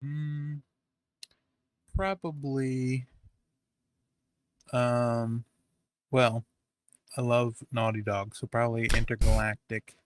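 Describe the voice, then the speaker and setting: Male co-host, mid pitch, very slow deadpan delivery, dry close recording. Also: clean tone, no room sound. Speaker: podcast co-host. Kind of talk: casual podcast chat.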